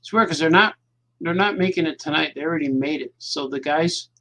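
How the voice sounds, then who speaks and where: A man's voice: a little high, a little fast, fairly bright tone. A man, a cartoonist, chatting casually to his viewers at home at night while he draws, rambling and repeating himself as his thoughts drift. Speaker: cartoonist hosting his own show.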